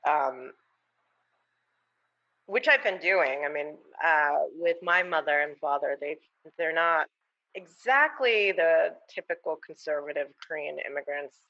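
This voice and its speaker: A woman author, a guest on an interview podcast, talking casually and thoughtfully, with halting restarts. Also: deep voice, pushed and bright, lo-fi sound. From United States.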